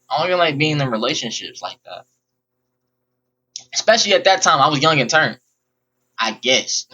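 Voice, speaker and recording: A man's voice: a little high, bright, forceful tone, highs cut off. A young man rambling bluntly and profanely through a personal storytime vlog. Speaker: vlogger. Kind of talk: casual storytime monologue.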